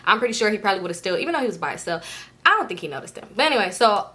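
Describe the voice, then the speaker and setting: A woman in her late twenties telling a storytime vlog story in a casual, animated way, full of slang and cursing. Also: mid-range voice, racing. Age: late 20s. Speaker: storytime vlogger.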